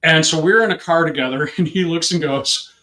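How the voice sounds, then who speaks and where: A man's voice: fairly high pitch, brisk, echoey room. A man, a police officer, telling an anecdote in an interview and acting out the people in it. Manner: lively anecdote-teller who acts out the people in it. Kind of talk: casual storytelling in an interview.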